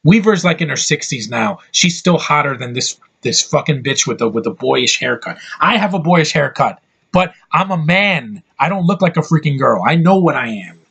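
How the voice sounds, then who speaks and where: Husky, slightly high-voiced man ranting about a film, blunt and full of swearing. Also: animated, moderate pace, a bit bright, muffled recording. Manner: heated, profane, blunt ranting. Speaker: online movie reviewer. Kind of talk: angry movie rant.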